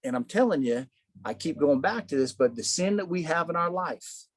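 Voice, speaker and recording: A man leading a casual Bible study, animated, asking rhetorical questions and saying "man" a lot. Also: on the high side, moderate pace, no echo.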